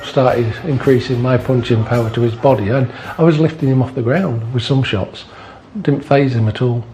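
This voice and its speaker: A man's voice: medium pitch, fairly even intonation, moderate pace, mellow, faint music behind. An older man, a former doorman, telling stories casually at home, plain-spoken and swearing, acting out what people said. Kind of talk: casual storytelling. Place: indoors in a family home.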